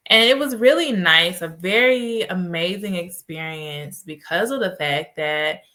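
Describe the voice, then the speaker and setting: A woman hosting a podcast, talking casually and telling stories in an animated way. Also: fairly low pitch, unhurried. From United States. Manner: animated storytelling with laughs. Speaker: podcast host and life coach. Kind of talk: casual solo podcast talk.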